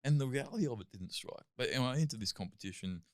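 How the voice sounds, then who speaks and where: A man's voice: medium pitch, racing. An Australian man in his thirties telling stories as a guest in a casual interview, peppering his talk with "like". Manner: animated, lots of "like" and "I'm like". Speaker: guest, athlete and comedian.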